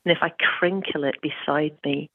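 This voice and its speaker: A performer slowly describing a memory in a reflective, poetic improv warm-up. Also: medium pitch, fairly even intonation, dry recording. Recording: tinny phone-like line.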